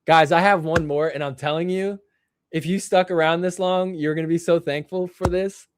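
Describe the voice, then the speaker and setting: A young man hosting a live stream, joking and excitable as he reacts to clips and laughs often. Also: a little high, moderate pace, slight background noise. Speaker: livestream show host. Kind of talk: casual live-stream commentary.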